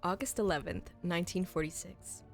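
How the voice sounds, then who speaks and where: A woman streamer with a low, gravelly voice, reading notes and love letters from a game aloud in a casual tone. She keeps stopping to react bluntly, sometimes swearing, before going back to the text. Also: a little fast, faint music behind. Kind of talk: casual gameplay commentary.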